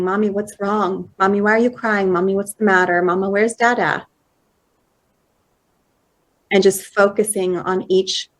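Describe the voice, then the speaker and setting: A woman in her thirties giving a personal storytelling talk at a conference, slow and measured, acting out quoted dialogue. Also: lowish voice. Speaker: conference speaker. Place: conference hall.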